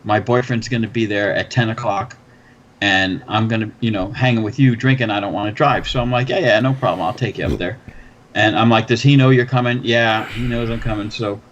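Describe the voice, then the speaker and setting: A man spins a bar story in loose, profane chat, getting more animated as he goes. His recording sounds a little muffled, with a faint hiss of noise behind him. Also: on the low side, a little fast. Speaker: podcast host. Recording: slightly dull, faint background noise.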